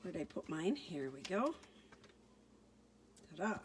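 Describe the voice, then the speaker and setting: A woman's voice: lowish voice, big pitch swings, takes it slowly, background noise. A woman giving a casual card-making tutorial, chatting through each step as she works.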